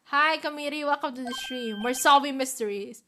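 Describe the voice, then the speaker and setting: A woman's voice: sits high, fairly quick, bright, forceful tone, slight background noise. A woman streaming a game, chatting and thanking new followers. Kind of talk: casual game stream chat.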